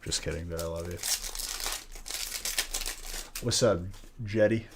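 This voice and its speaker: A relaxed man with a very deep voice hosts a live stream and opens card packs as he talks. He jokes with viewers and greets them by name in an easygoing way. Faint crinkling of wrappers can be heard behind him. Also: unhurried, noisy background. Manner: laid-back, joking, talks to chat by name.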